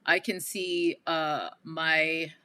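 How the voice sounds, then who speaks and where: Woman, New York accent, bright-toned livestream host, loose and conversational. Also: sits low, little pitch movement, drawn-out words, smooth, dry recording. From Queens, New York. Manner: chatty, addresses viewers as y'all, frequent asides. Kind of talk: casual livestream chat. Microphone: headphones with mic.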